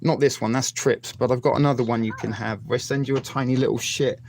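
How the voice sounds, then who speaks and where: A man's voice: medium pitch, fairly even intonation, brisk, darkish tone, slight background noise. A man hosting a casual video-call chat, rambling with cheeky innuendo and lots of filler words. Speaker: host.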